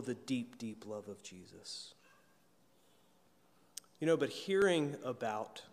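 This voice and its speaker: Preaching man in a reverberant church hall. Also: mid-range voice. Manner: earnest preaching, rising to emphatic peaks. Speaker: pastor. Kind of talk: sermon.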